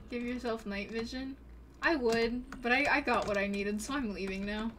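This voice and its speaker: A young woman livestreaming a game in casual chat, excitable and prone to gasping and squealing at what she finds. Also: fairly high pitch, normal speed, long pauses, a little hiss or hum. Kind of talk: casual gaming stream chat.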